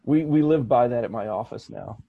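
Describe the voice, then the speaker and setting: A man's voice: medium pitch, fairly quick, vocal fry, breathy edge, no echo, narrow, tinny audio. A man chatting casually on a podcast, telling stories in a rambling, jokey way full of fillers. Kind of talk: casual chat.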